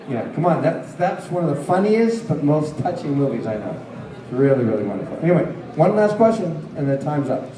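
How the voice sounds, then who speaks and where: A man's voice: medium pitch, dark tone. A man, a guest at a convention panel, telling chatty stories to the crowd with frequent laughs during a Q&A. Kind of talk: convention Q&A storytelling. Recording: roomy hall picked up from a distance.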